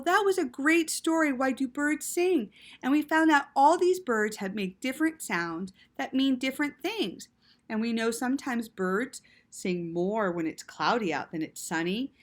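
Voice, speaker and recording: A woman reading a story aloud to children in an animated way, with gasps and quiet asides. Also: high-pitched, measured pace.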